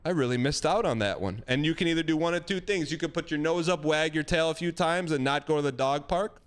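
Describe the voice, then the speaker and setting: A man streaming, giving blunt, animated dating advice to a caller. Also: fairly high pitch, fast talker, smooth. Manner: blunt, animated, acts out quoted lines. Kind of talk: casual advice chat.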